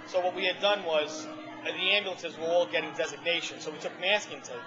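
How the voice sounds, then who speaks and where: A man casually telling a long personal story to a small group in a restaurant, animated and restarting often. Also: fairly high pitch, brisk. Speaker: former ambulance responder telling his story. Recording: dull lo-fi audio with loud music behind. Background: restaurant music.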